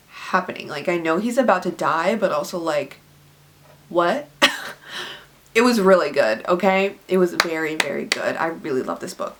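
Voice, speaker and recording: A woman in her twenties recommending books in a casual vlog, chatty and gushing, filling her talk with "like". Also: fairly low pitch. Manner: chatty and gushing, heavy use of "like" fillers. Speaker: book reviewer.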